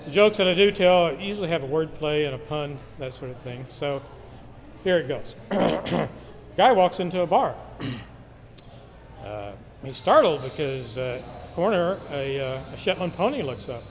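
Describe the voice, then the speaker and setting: A man in his sixties who rambles and keeps clearing his throat while answering interview questions about comedy. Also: on the high side, lively intonation, unhurried. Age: 60s. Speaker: comedy student.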